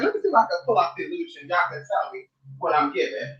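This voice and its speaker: Woman, vlogger, bright sharp voice, sassy, profane, casual chat, home kitchen, phone mic. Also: medium pitch, wildly swooping pitch, fast, highs cut off. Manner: sassy, profane, chatty, calls viewers girl and honey.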